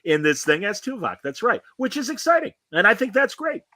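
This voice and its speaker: A man's voice: high-pitched, sing-song, brisk, pushed and bright, dry recording. A man hosting a podcast, chatting in a casual, opinionated and rambling way over a video call, full of fillers. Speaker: podcast host. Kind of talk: casual review chat.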